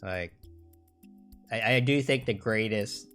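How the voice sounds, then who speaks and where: Guy rambling on his stream, kinda low pitched but bright and forceful, swears a lot, faint music behind. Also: slow pace, smooth. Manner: rambling, many restarts, swears, sarcastic mock quotes. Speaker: livestream host. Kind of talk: casual livestream commentary.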